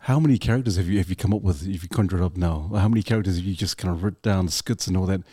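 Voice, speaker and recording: A man hosting a podcast, talking quickly and easygoingly, often repeating his words. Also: sits low, warm tone, slightly rough, dry recording, clean studio sound. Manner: fast, repeats himself, easygoing. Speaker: podcast host. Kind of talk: casual podcast conversation.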